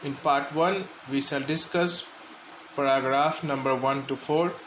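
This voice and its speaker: A man with an Indian accent, a school teacher, explaining an English lesson slowly and stopping often to gloss words for his students. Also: medium pitch, fairly even intonation, a bit bright, reverberant, a little hiss or hum, poor audio.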